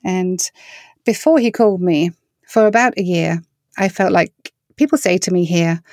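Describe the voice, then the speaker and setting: A middle-aged woman with an English accent, a worship singer answering interview questions with earnest, storytelling warmth. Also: fairly low pitch, moderate pace, no echo, studio quality. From England. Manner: earnest, storytelling, animated when quoting others.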